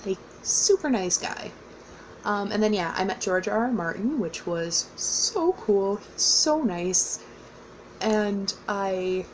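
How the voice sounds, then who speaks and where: A young woman talks casually through a personal story at a middle pitch. She rambles, fills gaps with ums and likes, and laughs easily as she goes. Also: a little hiss or hum, low-quality recording. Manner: chatty, rambling, with fillers and frequent laughs. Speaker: vlogger.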